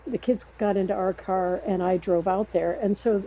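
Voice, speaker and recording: Middle-aged woman guest, relaxed husky voice, halting storyteller, dull lo-fi recording. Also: mid-range voice. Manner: rambling, halting, acts out quoted dialogue. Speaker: podcast guest, sister. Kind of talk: casual conversational storytelling.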